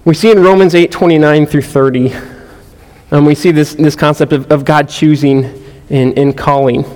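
In a large room with long reverb, a pastor or Bible study teacher works through a sermon verse by verse for a group. His voice is fairly high and somewhat dark, with fairly even intonation and a moderate pace. Earnest throughout, he often repeats words and puts questions to the room.

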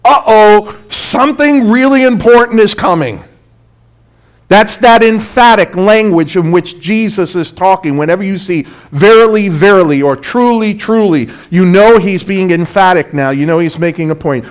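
Man, preacher, sermon, high-pitched, emphatic, loud-to-hushed swings. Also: moderate pace, hardly any pauses.

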